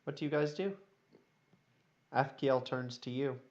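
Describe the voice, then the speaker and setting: A man narrating as dungeon master in a tabletop game, unhurried, with fillers, on a dull lo-fi recording. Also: mid-range voice, fairly even intonation.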